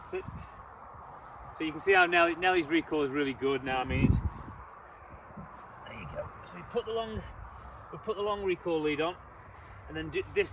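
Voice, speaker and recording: A man's voice: a little high, vocal fry, distant mic, noisy background. A man who trains dogs, giving a casual step-by-step training demonstration and chatting as he moves around a cold field. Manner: chatty, repeats words, gives commands to the dog. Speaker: dog trainer.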